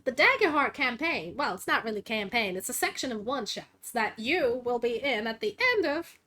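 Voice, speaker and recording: Rambling woman with a higher voice. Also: big pitch swings, moderate pace, pushed and bright. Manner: rambling, lots of fillers and restarts. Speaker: vtuber host and game master. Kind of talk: casual chat.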